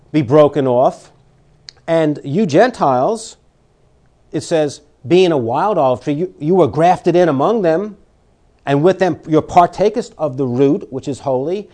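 A man preaching a sermon, reading scripture aloud and swinging between loud emphatic declarations and quiet warnings. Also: a little high.

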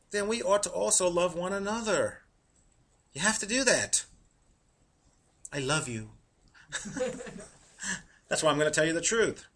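A middle-aged man preaching a sermon, animated and laughing at his own jokes, slowing down to read verses. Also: high-pitched, gravelly.

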